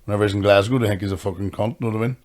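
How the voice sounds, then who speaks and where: A Northern Irish man trades quick, crude jokes as a podcast co-host. His talk is loose and casual, full of swearing and laughter. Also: on the low side, steady tone, darkish tone. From Northern Ireland. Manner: sweary, fast, joking banter. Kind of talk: casual chat.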